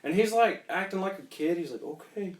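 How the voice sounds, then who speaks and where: A man's voice: high-pitched, lively intonation, fairly quick. A young man in casual podcast chat, telling a story while laughing and swearing freely. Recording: echoey room, mic at a distance.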